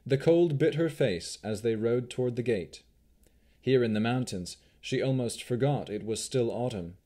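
A man narrating an audiobook in a steady, measured storytelling manner. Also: medium pitch.

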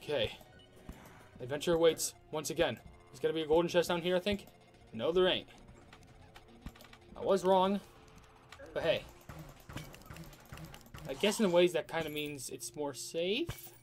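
A gamer commentating their own playthrough, excitable and talking back to enemies with frequent outbursts. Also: mid-range voice, unhurried, pauses often, faint music behind. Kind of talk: let's play commentary.

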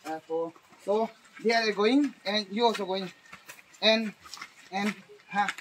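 A man's voice: sits high, fairly bright tone. Brief: man, plays a teacher in a comedy skit, broken English, stumbles and repeats, light hiss behind. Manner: broken English mixed with Hindi, halting, repeats words. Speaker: comic playing a teacher.

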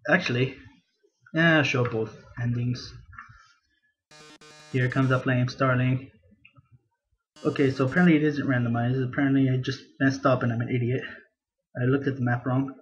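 A man's voice: mid-range voice, fairly even intonation, brisk, lo-fi sound. A young man giving casual, self-mocking let's play commentary. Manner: chatty, self-mocking, reads game dialogue in a hammy theatrical voice. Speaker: gameplay commentator.

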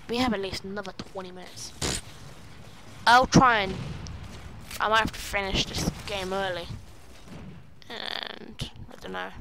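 A woman giving playful, excitable commentary over her own gameplay, breaking into silly chatter and squealing outbursts. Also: medium pitch, measured pace, gravelly, pauses often. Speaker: gaming video creator.

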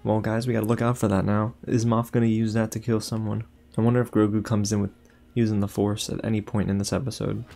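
A young man hosting a casual reaction video, talking excitedly to his viewers with lots of exclamations. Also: on the low side, fast talker, creaky. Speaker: YouTube reaction host.

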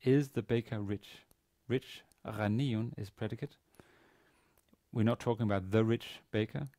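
A man giving a university grammar lecture, pausing often with fillers and restarting his sentences. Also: on the low side, warm tone, no room sound, clean studio sound. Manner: hesitant, many fillers and restarts. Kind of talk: classroom lecture. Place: university classroom.

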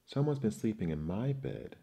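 A man's voice: lowish voice, very animated, moderate pace, creaky, mellow, pitched above the performer's own voice. A man wailing as a mama bear. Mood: dismayed. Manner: wailing, plaintive.

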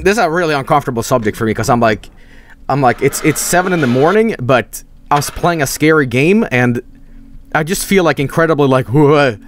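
Animated swearing young man telling stories. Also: medium pitch. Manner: animated, swearing, mock-shouting quoted voices. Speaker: streamer. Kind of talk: casual storytelling while gaming.

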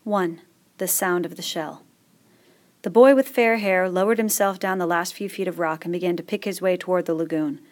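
A woman reading a novel aloud in steady, measured narration. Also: lowish voice. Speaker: audiobook reader. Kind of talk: scripted narration.

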